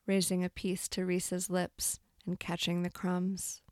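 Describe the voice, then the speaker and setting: Calm woman narrating a literary story. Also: on the low side, measured pace. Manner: calm, even storytelling, with lightly voiced dialogue.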